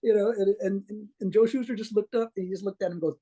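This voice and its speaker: A man with a soft, mellow, slightly hoarse voice sits in as a guest on a casual interview. He tells long anecdotes in a loose, meandering way, breaking off and restarting his sentences and chuckling as he goes. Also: high voice, fairly even intonation, fast talker. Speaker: guest comic artist.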